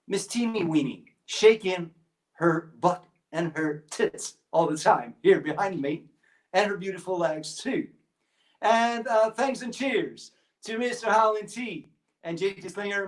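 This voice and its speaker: A man fronting a rockabilly livestream from home, bantering loosely between songs with plenty of laughs and filler words. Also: sits high. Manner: loose, jokey and chatty, with frequent laughs and fillers. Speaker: rockabilly singer and guitarist performing a livestream show. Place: at home, streaming a virtual concert.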